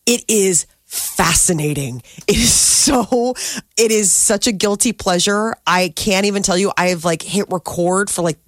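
Unhurried and medium-pitched, this podcast co-host is an animated storyteller who voices the people she quotes as she chats casually through a tale. The recording is clean studio sound without echo.

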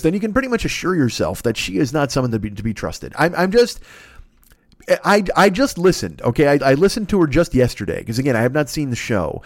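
Lively, profane man ranting on a podcast. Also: medium pitch, no room sound, clean studio sound. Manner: profane, rambling, excitable rant. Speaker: podcast host. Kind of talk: solo comedic podcast monologue.

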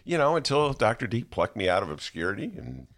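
A man's voice: medium pitch, a little fast, creaky. A man hosting a radio talk show, bantering and joking, slipping into impressions. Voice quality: animated, jokey, slips into impressions. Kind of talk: casual on-air banter.

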